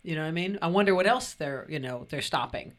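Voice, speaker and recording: A woman's voice: sits low, fast. A woman hosting a podcast, chatting casually and slipping into mocking voices. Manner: animated, mocking put-on voices. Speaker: podcast host. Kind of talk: casual chat.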